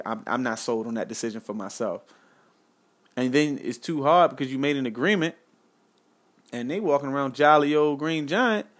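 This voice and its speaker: Earnest man preaching life advice to viewers. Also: medium pitch. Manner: earnest, preachy, repeats his points, talks straight to the viewers; casual slangy speech with frequent "man" and "y'all". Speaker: vlogger giving life advice. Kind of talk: impassioned direct-to-camera monologue.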